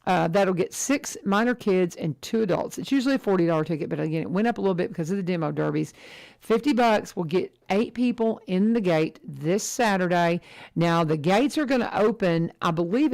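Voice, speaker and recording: A middle-aged woman hosting a casual radio chat, talking in a chatty, animated way and laughing often. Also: on the low side. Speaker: radio host.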